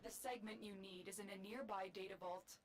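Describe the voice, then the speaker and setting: An actress voicing a calm female mission guide in a video game, giving measured instructions. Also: mid-range voice, background noise, close to an everyday voice. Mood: instructive. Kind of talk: game dialogue.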